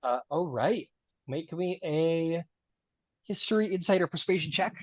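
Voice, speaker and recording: A man's voice: on the high side, expressive, measured pace, dry recording, muffled recording. A man running a tabletop game as game master, talking in a chatty way with many fillers and laughs.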